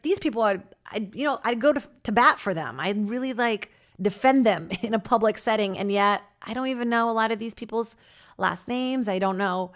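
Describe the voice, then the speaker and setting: A woman comedian from Brazil, podcast host, chatting in a rambling comedic monologue into a studio mic, swearing and jumping between topics. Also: mid-range voice. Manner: chatty, swearing, jumps between topics with sudden loud squawks. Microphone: studio mic on a stand.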